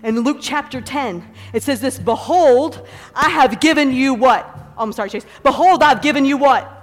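A woman preacher giving an energetic sermon and calling on the congregation to repeat phrases, laughing often between points. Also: high-pitched, moderate pace. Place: church hall with a congregation. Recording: hall reverb, faint background music.

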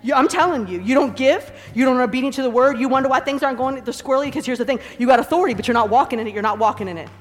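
A woman preacher giving an energetic sermon and calling on the congregation to repeat phrases, laughing often between points. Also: sits high, racing, few pauses. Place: church hall with a congregation. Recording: hall reverb, faint background music.

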